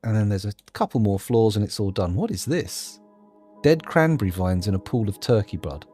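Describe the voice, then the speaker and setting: A man's voice: fairly low pitch, animated, moderate pace, warm tone, faint music behind. A man hosting a gameplay video, thinking aloud in a jokey, self-deprecating ramble. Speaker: gameplay host. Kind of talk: rambling let's-play commentary.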